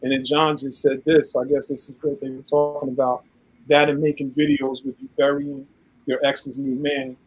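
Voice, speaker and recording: A man's voice: medium pitch, little pitch movement, moderate pace, husky, rough recording. A man co-hosting a live online talk show in casual chat, telling long stories and acting out what others said in a raised voice. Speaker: co-host.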